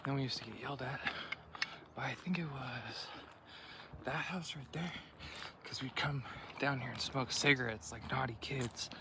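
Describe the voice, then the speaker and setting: This hiking vlog features a man with a mid-range voice at normal speed, chatting in a loose, rambling way with plenty of slang as he walks the trail. The outdoor audio is noisy.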